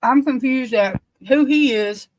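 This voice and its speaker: Blunt higher-voiced woman, exasperated. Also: a little slow, no room sound. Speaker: true crime commentator. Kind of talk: casual commentary.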